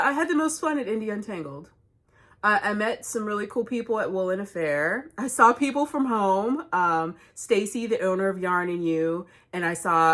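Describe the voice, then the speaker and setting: Chatty woman laughing through stories. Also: lowish voice. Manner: chatty, animated, laughs often. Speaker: knitting podcast host. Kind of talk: casual storytelling vlog.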